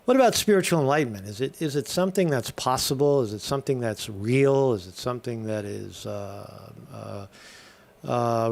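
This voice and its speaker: A man's voice: mid-range voice, creaky. A man hosting a live morning stream in a casual, irreverent way, full of fillers and restarts. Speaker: host of a live morning show.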